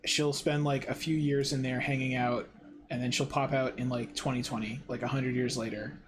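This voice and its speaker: A man co-hosting a board game playthrough who keeps up a chatty, joking banter. His voice sits at an ordinary middle pitch. Steady background noise runs under his speech throughout. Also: moderate pace. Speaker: podcast co-host and game player.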